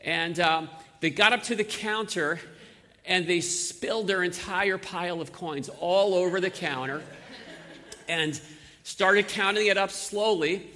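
A man's voice: sits high, a little slow, bright, forceful tone. A middle-aged man with a New York accent, a pastor telling a story in a casual, conversational sermon with many fillers and restarts. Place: church sanctuary. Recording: long reverb of a large hall.

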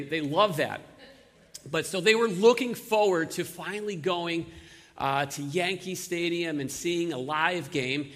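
A man's voice: fairly high pitch, bright, forceful tone. A middle-aged man with a New York accent, a pastor telling a story in a casual, conversational sermon with many fillers and restarts. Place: church sanctuary. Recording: long reverb of a large hall.

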